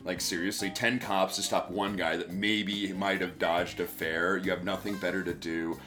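A man's voice: low-pitched, flat delivery, moderate pace, over music. A man telling a long story in casual chat, stammering, repeating words and swearing often. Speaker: podcast co-host.

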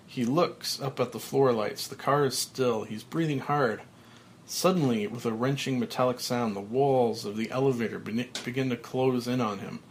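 A man reading a film screenplay aloud, giving stage directions in a low, measured voice. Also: a little hiss or hum. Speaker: script reader.

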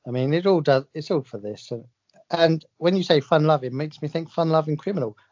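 A man's voice: on the high side, fairly quick, a little mellow. A man co-hosting a podcast in casual chat, dry and self-mocking, often chuckling. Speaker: podcast co-host. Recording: dull lo-fi podcast audio.

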